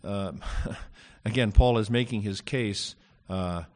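Deep-ish guy teaching greek grammar, lots of uhs and ums, dry little jokes. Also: takes it slowly. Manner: hesitant, many fillers, wry asides. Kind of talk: classroom lecture on Greek grammar.

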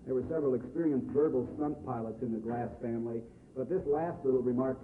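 A man reading a novel aloud and explaining it in a measured, explanatory way. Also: mid-range voice, far from the mic. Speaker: reader and teacher. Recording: echoey, phone-like, faint hiss.

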